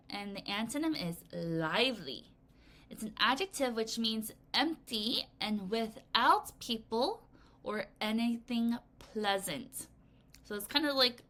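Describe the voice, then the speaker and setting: Animated woman teaching vocabulary to kids. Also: fairly high pitch. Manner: lively, expressive, playful asides and counting in the class to read aloud. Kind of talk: recorded vocabulary lesson for children.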